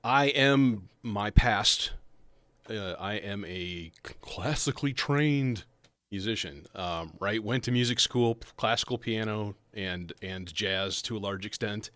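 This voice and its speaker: A man's voice: fairly low pitch, a little slow, fairly bright tone, no room sound. A man hosting a casual livestream about modular synths, rambling and self-interrupting as he talks. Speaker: livestream host. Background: faint synth music.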